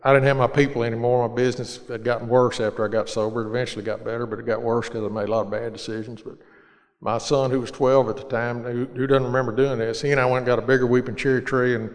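Middle-aged male speaker, earnest and plain, average pitch, long hall reverb. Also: level tone, fast talker. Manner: earnest, plain-spoken, with repeated restarts. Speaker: speaker sharing his recovery story. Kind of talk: personal storytelling talk.

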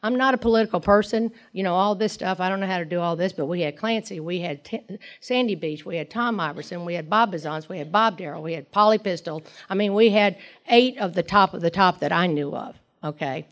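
A woman's voice: on the low side, a little fast, few pauses. A middle-aged woman giving a personal talk at a recovery meeting, rambling through her story with many asides and quoted dialogue.

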